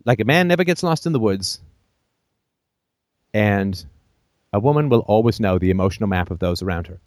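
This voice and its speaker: A man's voice: lowish voice, lively intonation, moderate pace, darkish tone, no room sound, clean studio sound. A man hosting a call-in show, giving blunt, emphatic advice full of profanity and jokey asides.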